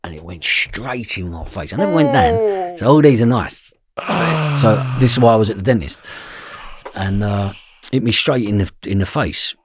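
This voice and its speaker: A podcast guest shares a story from his past in a fairly low, very animated voice at normal speed. He's blunt, swears freely, and keeps asking "do you know what I mean."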